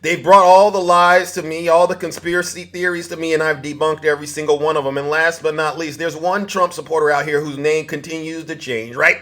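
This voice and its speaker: A man's voice: a little high, flat delivery, brisk, few pauses, fairly bright tone. A man hosting a TikTok livestream, boasting theatrically, laughing often and greeting viewers by name. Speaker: livestream host. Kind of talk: TikTok live commentary.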